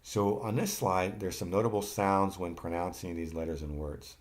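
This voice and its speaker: A man with a very low voice walks learners through a slide lesson. He speaks patiently and repeats each phrase so they can say it back. Now and then he stops mid-word and corrects himself. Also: steady tone, moderate pace. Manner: occasional restarts and self-corrections. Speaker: language teacher. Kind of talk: slide-based lesson narration.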